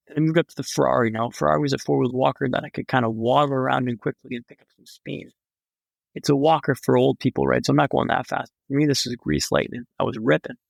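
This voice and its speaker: A man's voice: a little high, gravelly, dry recording. A young man, a podcast guest, telling a story in a vivid, dramatic way with wry humor. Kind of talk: storytelling in a conversation.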